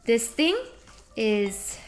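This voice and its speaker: A woman with a somewhat high voice chats playfully through a live cooking stream from her home kitchen. She speaks at a slow, easy pace and answers her viewers' messages as she goes, with plenty of puns. There is a faint hiss behind her. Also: gravelly, a little mellow. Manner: playful, punning, reads chat aloud and answers it. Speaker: livestreamer.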